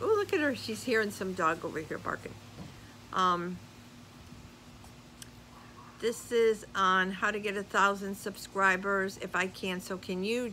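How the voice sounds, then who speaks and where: An older woman vlogger chatting casually as she reads viewer comments aloud, animated and laughing often. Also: medium pitch, a little hiss or hum, low-quality recording. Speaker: YouTube vlogger. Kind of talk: casual chat reading comments.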